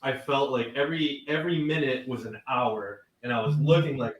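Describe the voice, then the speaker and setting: A man's voice: mid-range voice, normal speed. An earnest man, heard from a distance in an echoey room, describes his experience as a patient. He keeps repeating phrases as he talks.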